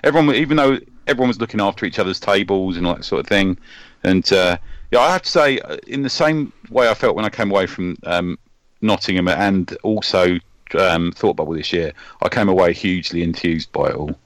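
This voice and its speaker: Male podcast host, low voice, dry sound, rambling chatty delivery. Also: animated, brisk, no echo. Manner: chatty, rambling, with many ums and restarts. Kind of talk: casual chat.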